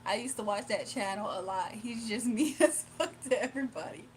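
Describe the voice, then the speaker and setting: Woman, Southern Virginia accent, somewhat high voice, laughs a lot, livestream chat, faint noise behind. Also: brisk, rough recording. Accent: Southern US, Virginia with Atlanta influence. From Virginia, USA. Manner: chatty, laughs often, reads chat aloud and answers. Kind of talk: casual late-night live chat.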